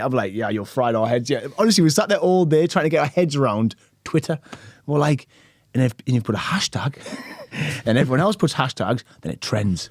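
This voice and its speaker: A man in his thirties tells stories at a rapid clip, acting out other people's voices and swearing freely. His pitch sits in the middle range. The sound is dry and close. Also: expressive, darkish tone, no echo. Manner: swears casually. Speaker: guest. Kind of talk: casual podcast chat.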